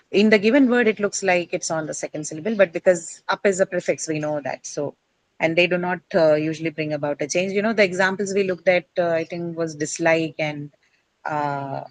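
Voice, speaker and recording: Woman teacher walking the class thru it step by step, lowish voice, dry sound. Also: no echo, poor audio. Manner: explains step by step, quizzing the class. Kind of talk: classroom lecture.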